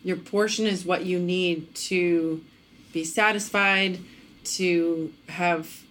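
A woman in a casual faith conversation, relaxed and thinking aloud. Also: lowish voice, slow, a little hiss or hum.

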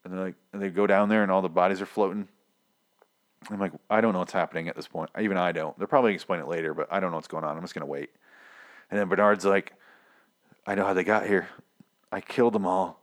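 Solo podcast host, male, slightly low voice, loose and swearing, animated recap chatter. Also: quick pace. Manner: rambling, profane, animated. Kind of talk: casual solo show recap.

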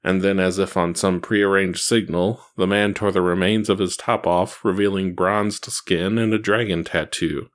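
A man reading an action story aloud in a steady, even narration. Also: sits low, normal speed, hardly any pauses. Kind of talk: reading fan fiction aloud.

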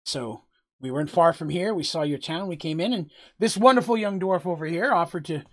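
A game master playing a haughty, smoothly polite human prince in a tabletop game. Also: mid-range voice, brisk, lightly acted. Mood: smugly courteous. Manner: courtly, gracious, smugly polite.

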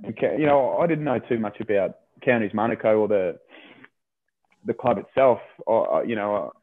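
Australian male rugby player, casual interview guest, lower voice, rambling and repetitive, says "mate" a lot, phone-line audio. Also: moderate pace. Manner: rambling, repeats words, says "mate" often. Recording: tinny phone-line sound.

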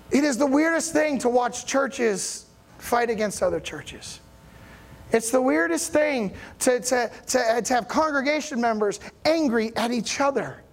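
A man preaching a conversational sermon as pastor in a church, keeping a chatty, animated tone and often checking that his congregation follows along. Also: very high voice, takes it slowly. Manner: animated, rising emphasis on key points.

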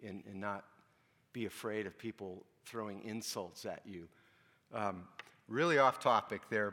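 A man giving a casual, conversational sermon, often asking the congregation questions. His voice is bright and forward, and long reverb trails off the walls of a church hall. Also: on the low side. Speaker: pastor.

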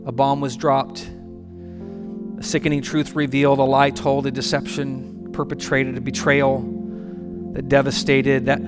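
A man preaching a sermon as pastor in a church, with rhythmic repetition and dramatic pauses. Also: medium pitch, completely flat delivery. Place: church sanctuary. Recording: long church hall reverb with faint music.

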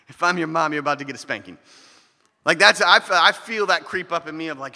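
A male pastor delivers a sermon in a relaxed, conversational way, dropping in playful asides. His voice sits a little high and rings very bright. The sound carries a long hall reverb. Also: a little fast. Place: church hall.

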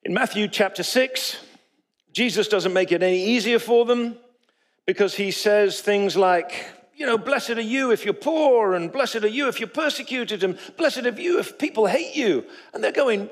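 A high-pitched pastor preaches to his congregation at a moderate pace in the church sanctuary. He shares animated stories and acts out the quoted voices.

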